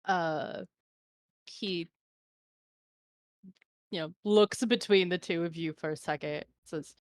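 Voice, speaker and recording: A woman running a tabletop game, narrating in a relaxed, joking way with plenty of fillers. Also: lowish voice, slow pace, long pauses, no room sound, studio quality. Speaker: game master.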